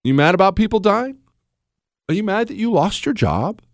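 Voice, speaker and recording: A man's voice: high voice, big pitch swings, moderate pace, no room sound, studio quality. A man hosting a political talk show, speaking emphatically in a sarcastic tone and firing off rhetorical questions.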